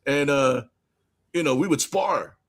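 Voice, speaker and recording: A man with an ordinary mid-range voice telling loose, animated stories. He laughs often and lets some asides fall to a mumble. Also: mid-range voice, a little slow. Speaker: co-host. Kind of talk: casual podcast banter.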